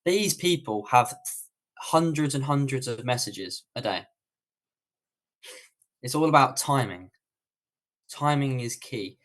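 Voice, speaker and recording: A man's voice: mid-range voice, animated, takes it slowly, pauses often, a bit bright. A man with a British accent answering viewer questions on a livestream tutorial, in a casual, rambling way with many fillers and restarts. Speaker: online coach.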